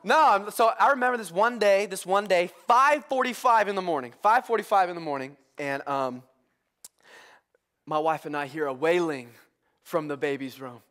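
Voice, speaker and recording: A young man preaches in church with a high, bright-sounding voice. He tells funny family stories in an animated way and throws lively call-outs to the congregation. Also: moderate pace. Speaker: pastor. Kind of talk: humorous sermon. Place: church service with live congregation.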